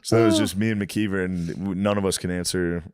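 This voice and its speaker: A man's voice: low-pitched, steady tone, fairly quick, darkish tone, smooth, no room sound, clean studio sound. Crude, joking male podcast co-host. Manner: crude, joking, acts out quoted voices. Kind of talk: casual chat.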